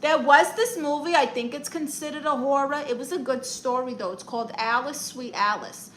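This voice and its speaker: Reading viewer comments aloud on a casual home stream, a young woman from Brooklyn answers with quick, playful sass in a New York accent. Her voice sits high and a bit bright, and the rough recording carries a little hiss or hum.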